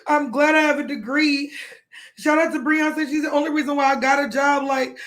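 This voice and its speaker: A woman's voice: high-pitched, steady tone, brisk, fairly bright tone. A young adult woman talking to viewers on a livestream, tearful and crying, rambling and pleading with many apologies. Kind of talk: emotional livestream talk to viewers.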